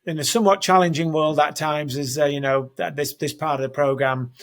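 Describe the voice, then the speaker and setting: Interview guest: a Northern English man in his fifties, fairly high voice, loose and talkative, often restarts. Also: fairly even intonation, fairly quick. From Northern England. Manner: rambling, self-correcting, chatty. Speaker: guest, soccer program leader. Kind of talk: conversational interview. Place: home, house in Denver.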